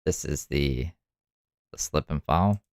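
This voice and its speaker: A man's voice: very deep voice, takes it slowly, a little mellow, smooth, no room sound, studio quality. A man casually commenting on video clips, laughing along as he tells the story. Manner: amused, laughs often, loose storytelling.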